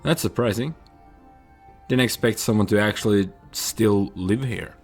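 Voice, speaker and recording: A man playing a text adventure game, reading the story out and musing over his choices with hesitant pauses. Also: lowish voice, husky, soft background music. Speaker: player narrating a text adventure. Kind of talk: reading and thinking aloud.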